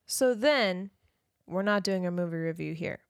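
A woman's voice: lowish voice, normal speed, gravelly, no echo, clean studio sound. A woman co-hosting a faith podcast in casual conversation, backing her husband with frequent murmurs and jumping in with her own points. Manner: chatty, frequent affirming murmurs. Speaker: podcast co-host.

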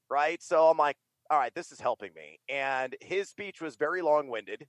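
A man's voice: on the high side, very animated, fairly quick, dry recording. A middle-aged man from the United States, a fantasy sports broadcaster and writer, talking in a casual interview with energy, emphasis and many fillers.

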